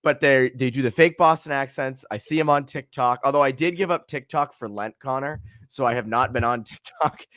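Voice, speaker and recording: A man co-hosting a casual sports podcast, animated and ranting as he chats. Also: mid-range voice, a little fast, few pauses, no echo, studio quality. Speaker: podcast co-host.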